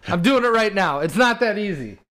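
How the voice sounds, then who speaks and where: A man's voice: high-pitched, lively intonation, brisk, a bit bright. A man in his thirties co-hosting a casual podcast chat, joking wryly. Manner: wry, joking. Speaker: podcast co-host.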